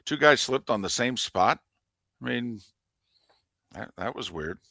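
A man's voice: mid-range voice, lively intonation, unhurried, vocal fry, pushed and bright, no echo, studio quality. A man co-hosting a sports radio show, giving emphatic opinions in casual sports talk.

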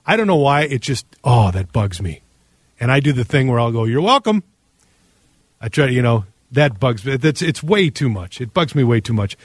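Laid-back radio host. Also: male voice, mid-range voice, expressive, a little fast, no echo, clean studio sound. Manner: casual, joking, reads texts aloud. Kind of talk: call-in radio talk. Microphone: studio microphone.

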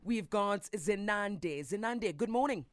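A man hosting a radio call-in show, chatty and quick to laugh. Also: high-pitched, lively intonation, no echo.

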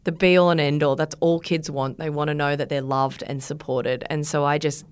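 A woman's voice: sits low, fairly even intonation, normal speed, smooth. A woman in her thirties hosting a podcast in a studio, chatting casually and rambling with filler words. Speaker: podcast host.

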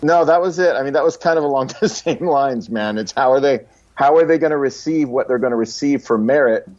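A man's voice: medium pitch, fairly quick, darkish tone. A man co-hosting a podcast in casual comedic chat, teasing and playful. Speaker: podcast co-host. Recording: slightly dull audio.

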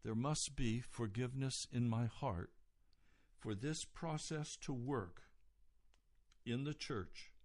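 A man preaching a sermon in an earnest, emphatic way, reading and explaining scripture. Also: medium pitch. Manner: earnest, emphatic, slow and deliberate.

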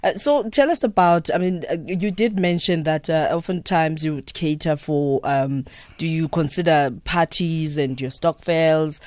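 A man's voice: on the high side, a little slow, no echo. A man hosting a radio show, chatting casually in a studio with many fillers. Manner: relaxed, filler-heavy, hums while chewing. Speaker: radio host. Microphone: studio microphone.

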